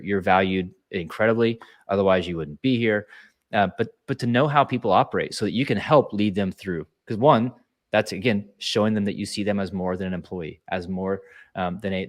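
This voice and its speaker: Low-voiced man coaching earnestly. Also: fairly quick. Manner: earnest, coaching, many restarts. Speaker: leadership speaker. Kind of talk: casual webinar talk.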